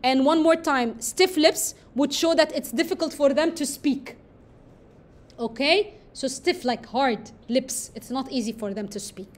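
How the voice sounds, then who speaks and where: A high-pitched woman teaches a lesson analyzing a poem, working through it step by step. She repeats key phrases and pauses on fillers.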